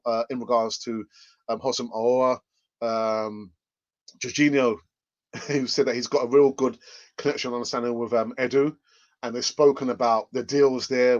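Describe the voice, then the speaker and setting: A man's voice: medium pitch, highs cut off. A man hosting a casual live stream, chatting and reading out viewer comments, often laughing.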